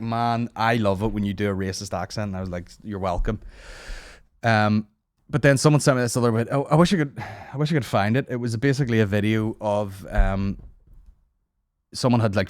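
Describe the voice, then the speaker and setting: A man in his thirties hosts a comedy podcast in a rambling, sarcastic rant, swearing freely. His voice sits at an ordinary middle pitch. It sounds close and dry on a studio mic, with no room echo. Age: 30s. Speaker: podcast host. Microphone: studio microphone.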